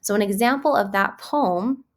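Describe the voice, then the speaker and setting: A woman teacher narrates a screen-recorded tutorial, explaining each step in a patient, friendly way. Her delivery is relaxed and conversational, dotted with ums as she clicks through. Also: mid-range voice, moderate pace.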